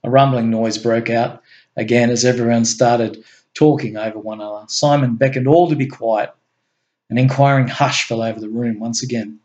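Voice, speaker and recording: A man reading his own story aloud in an unhurried, plain way, with the occasional restart. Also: mid-range voice, steady tone, a little mellow. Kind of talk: amateur story narration.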